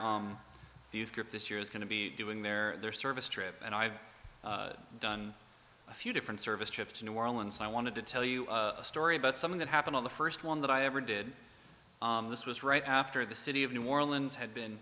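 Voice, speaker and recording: A young man telling a personal story to a church gathering, halting, with many restarts and fillers. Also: medium pitch, pushed and bright, a little hiss or hum. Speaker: guest storyteller. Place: church hall. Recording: echoey hall.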